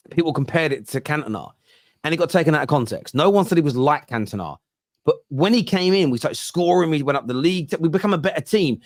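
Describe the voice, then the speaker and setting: A man hosting a football fan show, reacting fast to viewer comments in casual discussion. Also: a little high, dry recording, studio quality.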